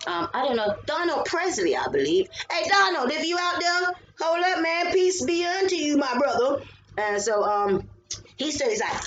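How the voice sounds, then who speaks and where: A woman's voice: high voice, animated, moderate pace, dull audio, noisy background. A woman, chatting to camera in a casual, rambling vlog. She swears freely, wanders off topic and sounds a little tired. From England. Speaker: vlogger.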